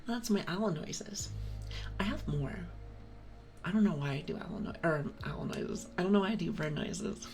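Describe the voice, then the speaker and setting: A young woman streamer doing whispered ASMR livestream chat on a binaural mic, rambling playfully to her viewers in a soft whisper. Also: fairly low pitch, lively intonation, normal speed, pauses often, faint music behind, poor audio.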